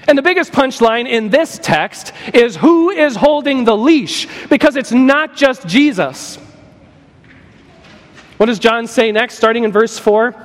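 A man preaching an animated sermon as a pastor, playful and joking, acting out little voices as he tells the story. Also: extremely high pitch, a little slow. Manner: playful, acts out voices and jokes. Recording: long hall reverb.

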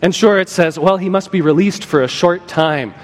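A man preaching an animated sermon as a pastor, playful and joking, acting out little voices as he tells the story. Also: high-pitched, moderate pace. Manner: playful, acts out voices and jokes. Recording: long hall reverb.

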